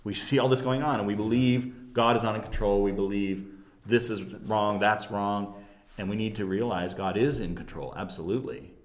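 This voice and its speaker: A man co-hosting a casual Christian discussion, speaking in a measured, gently instructive way. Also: lowish voice, fairly even intonation. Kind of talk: casual chat about scripture. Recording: roomy echo.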